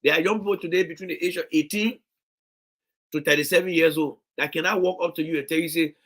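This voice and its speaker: A man's voice: fairly high pitch, fairly even intonation, fast, fairly bright tone. A man with a Liberian English accent giving impassioned political commentary, often stumbling and repeating words. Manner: impassioned, repetitive restarts. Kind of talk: video commentary.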